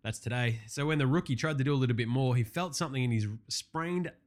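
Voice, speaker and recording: A man hosting a casual sports recap, brash and profane with quick wisecracks. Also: medium pitch. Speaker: podcast host.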